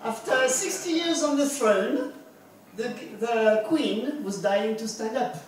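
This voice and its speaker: A woman with a French accent doing a deadpan stand-up routine at a bar open mic, asking the audience questions between punchlines. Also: on the high side, takes it slowly, crowd noise. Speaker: stand-up comedian. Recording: echoey bar from far off.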